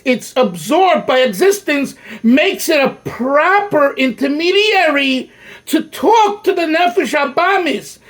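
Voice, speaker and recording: An older man with an unusually high voice for a man and a fairly bright tone leads a Torah lecture, talking like a teacher working through a text with his students. He is emphatic and very animated, often breaking off and restarting a phrase before pressing his point.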